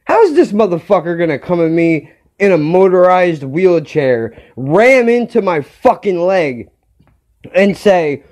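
Guy venting on his podcast, kinda high voice but mellow tone, swearing nonstop and heated. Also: very animated, measured pace. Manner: heated, blunt, swears constantly. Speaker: podcast host. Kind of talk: profane storytelling rant.

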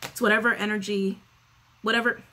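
A woman's voice: medium pitch, level tone, fairly quick, bright, forceful tone. A woman giving a casual spoken tarot reading, chatty and sassy, swearing freely and repeating her phrases. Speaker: tarot reader.

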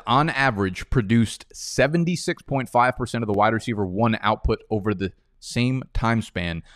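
A man's voice: lowish voice, dry recording, studio quality. A young man with a New York-New Jersey accent giving casual, opinionated fantasy football analysis. He talks energetically and with emphasis, and sometimes drifts into chatty, profane tangents.

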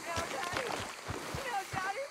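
An actress voicing the ghost of a young jilted woman from the South, who speaks slowly and tearfully and keeps pleading. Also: very high-pitched, lively intonation, heavy background noise. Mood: bitter longing. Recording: game audio with loud swamp ambience.

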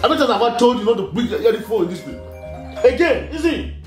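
A middle-aged man playing a strict father in a comedy skit, loudly scolding and firing indignant questions. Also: high-pitched, sing-song, normal speed. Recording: echoey room with music behind.

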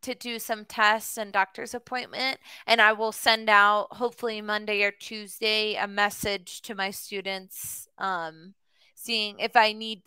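A woman's voice: mid-range voice, little pitch movement, a little slow, bright, forceful tone, clear, resonant tone, dry recording. A woman from the United States tutoring English in a casual conversation class, chatty and friendly, with lots of fillers.

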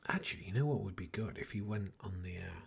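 A man's voice: deep voice, lively intonation, quick pace, gravelly, husky. A man hosting a let's play, muttering and thinking aloud as he plays, rambling with restarts. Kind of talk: casual gameplay commentary.

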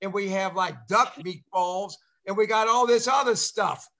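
An older man chatting over a video call in a high, bright voice. He rambles, stacking filler sounds as he talks. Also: moderate pace. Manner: rambling, heavy on repeated fillers. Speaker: show host and former player. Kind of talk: casual video-call chat.

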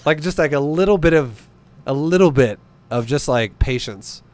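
A man's voice: a little high, animated, normal speed, a little mellow. Young man coaching, casual and profane. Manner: swears freely, laughs, acts out examples. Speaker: StarCraft coach. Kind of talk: casual coaching over a game replay.

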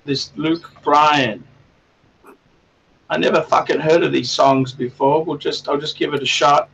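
A man's voice: on the high side, fairly even intonation, unhurried, vocal fry, fairly bright tone, husky, distant mic, highs cut off. A man hosting a casual livestream chat, rambling and swearing a lot in a crude way. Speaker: livestream host.

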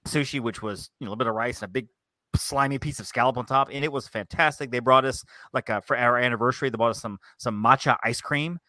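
A man's voice: mid-range voice, fast talker, sharp tone, no room sound. A man chatting casually as a podcast guest, a rambling storyteller who acts out little quotes. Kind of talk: casual chat.

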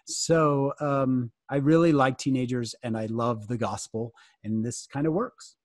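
Animated joking man on a video call. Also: medium pitch, measured pace, no echo, clean studio sound. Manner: joking, animated, asks the audience questions. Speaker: guest speaker answering youth questions. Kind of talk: casual fireside talk over video call.

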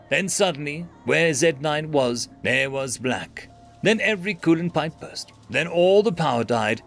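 A man's voice: on the high side, expressive, a little slow, a bit bright, faint music behind. A man narrating a scripted science fiction story in a dramatic, dry manner.

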